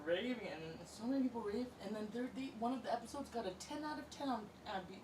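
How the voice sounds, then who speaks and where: A woman chatting off-mic, lively and quick to laugh, chiming in with short replies. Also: fairly high pitch, roomy sound. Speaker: co-host off mic. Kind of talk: casual chat. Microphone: not mic'd, picked up from across the room. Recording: distant off-mic voice with background noise.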